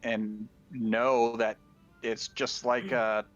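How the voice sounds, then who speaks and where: A man's voice: medium pitch, flat delivery, extremely slow, highs cut off, soft background music. A man co-hosting a gaming podcast, talking casually and rambling, with frequent restarts. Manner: rambling, restarts often, laughs while talking. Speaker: podcast co-host.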